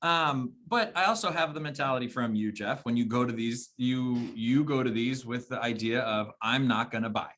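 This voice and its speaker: A man's voice: medium pitch, normal speed, hardly any pauses, fairly bright tone. A man from Arizona co-hosting a podcast, telling a rambling story in casual chat with many restarts. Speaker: podcast co-host.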